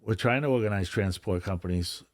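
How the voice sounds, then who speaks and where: A man's voice: deep voice, a little fast, dry recording, studio quality. Man talking in a loose, rambling way. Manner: rambling, profane, frequent restarts. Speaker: union organizer, podcast guest. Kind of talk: casual chat.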